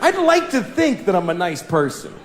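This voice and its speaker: Stand-up comic, man, animated rant with shouted punchlines; live theater sound, crowd noise behind. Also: high-pitched, normal speed. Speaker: stand-up comedian. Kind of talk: stand-up comedy. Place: large theater stage. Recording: roomy live venue with audience noise.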